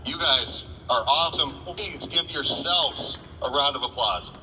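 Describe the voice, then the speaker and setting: A man's voice: medium pitch, a little slow, bright, forceful tone, big-room sound, slight background noise, rough recording. A man giving an earnest, crowd-rousing thank-you speech.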